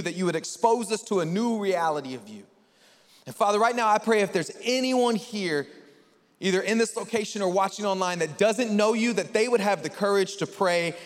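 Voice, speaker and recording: A man preaching a sermon to a live congregation in a church, energetic and joking as he talks with the crowd. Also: high voice. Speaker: pastor. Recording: long reverb of a large hall.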